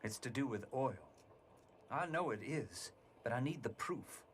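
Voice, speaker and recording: A man playing an earnest, desperate gentleman in a game cutscene, speaking formally and precisely. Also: medium pitch, expressive, unhurried, slight background noise, lightly acted.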